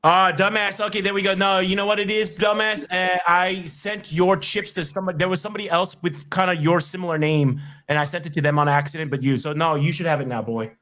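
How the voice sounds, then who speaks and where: Brief: man with a lightly raised voice, casual stream chat, halting. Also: high-pitched, fairly even intonation, pushed and bright. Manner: hesitant, repeats words, thinks aloud.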